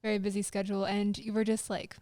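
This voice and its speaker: A woman's voice: medium pitch, little pitch movement, fast talker, darkish tone, no echo, studio quality. A woman co-hosting a podcast interview, rambling casually with many "like"s and restarts. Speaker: podcast co-host.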